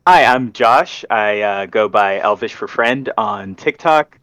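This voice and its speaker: A man's voice: lowish voice, slow, fairly bright tone, no room sound. A man playing in a tabletop game stream, introducing himself in an upbeat, easygoing way. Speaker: player. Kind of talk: casual chat.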